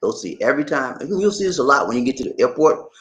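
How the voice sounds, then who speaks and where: Man, casual live stream, animated, repeats phrases, lively pitch, echoey room. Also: fast talker. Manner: animated, acts out shop dialogues. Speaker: vlogger living abroad. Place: indoors, in the Philippines.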